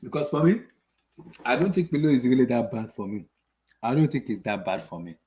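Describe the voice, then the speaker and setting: A man's voice: medium pitch, lively intonation, a little fast, dark tone. A young man hosting a casual football channel, ranting after a match with exasperated rhetorical questions and lots of repetition. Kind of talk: casual post-match rant.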